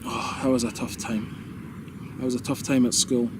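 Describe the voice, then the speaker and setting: A man's voice: mid-range voice, flat delivery, a little slow. Scottish guy in his 30s rambling on outside, traffic noise behind him, keeps correcting himself. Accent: soft, well-spoken Scottish. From Scotland. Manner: rambling, self-correcting, chuckles often. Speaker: vlogger. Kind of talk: casual reminiscing monologue. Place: outdoors.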